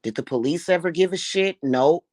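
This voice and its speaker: A middle-aged woman with a notably low, deep voice, recorded close and dry with no room sound. She vents straight to camera in a heated, profane rant. She repeats herself and trips over restarts as she goes. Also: moderate pace, a little mellow, no room sound. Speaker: spiritual reader and spellwork vlogger. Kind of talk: unscripted angry rant to camera.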